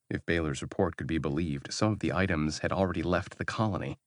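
Deep-voiced male audiobook narrator. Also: fast talker, few pauses, no room sound, studio quality. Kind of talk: scripted narration.

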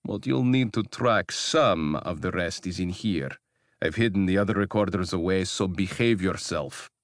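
A smug, self-satisfied informant, as a male audiobook reader puts him on, bargaining slyly and leaning on every word. The voice sits low, and the recording is dry and close. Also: moderate pace, dry recording. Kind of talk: audiobook character voice.

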